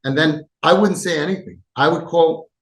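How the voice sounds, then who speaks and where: A man hosting a parenting podcast, giving impassioned advice with shifts between loud and soft and acting out quoted lines. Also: a little high, normal speed. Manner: emphatic, acts out quoted dialogue, swings between loud and soft. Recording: echoey room.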